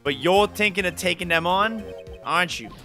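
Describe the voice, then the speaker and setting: A man voicing an excitable, cheerful young woman sidekick who asks eager, teasing questions. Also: sits high, normal speed, faint music behind, voice pushed up. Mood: excited teasing.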